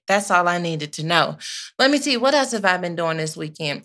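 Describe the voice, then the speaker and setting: A woman's voice: mid-range voice, expressive, normal speed, bright, forceful tone. A woman in her thirties hosting a podcast live, chatting casually with playful asides and church-flavored sayings. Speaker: podcast host. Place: her office.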